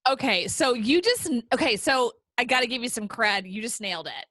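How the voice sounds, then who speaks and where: Animated woman host. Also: a little high, brisk, no echo. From American South. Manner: animated, self-deprecating, repeats phrases. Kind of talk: casual interview chat.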